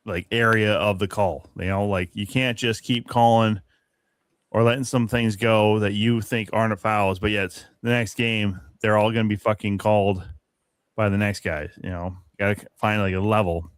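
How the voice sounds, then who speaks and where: A man's voice: fairly low pitch, fairly even intonation, moderate pace, clean tone, dry recording, studio quality. A man co-hosting a podcast, ranting profanely in casual sports chat and laughing often. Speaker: podcast co-host.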